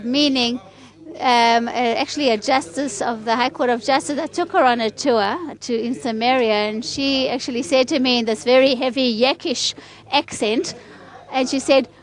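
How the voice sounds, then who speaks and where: A woman giving an earnest conference speech in a hall, asking rhetorical questions. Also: sits high. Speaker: conference speaker.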